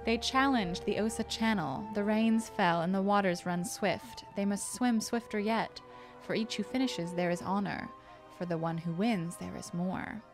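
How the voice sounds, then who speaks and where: A woman's voice: mid-range voice, normal speed. Gaming streamer: woman narrating game text, chatty asides, game music under. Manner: chatty, reacting between narrated passages. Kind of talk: let's-play, reading game text aloud.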